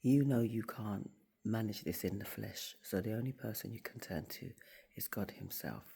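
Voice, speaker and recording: Her voice is bass, creaky and breathy, delivered at a moderate pace. In her office, the woman, who works at a school and vlogs about faith, tells a story in a casual motivational address to camera, acting out the people she quotes.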